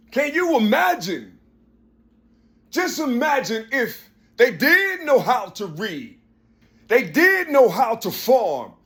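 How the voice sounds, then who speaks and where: A man delivering an impassioned monologue, asking one rhetorical question after another and rising to a shout. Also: extremely high pitch. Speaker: spoken-word speaker.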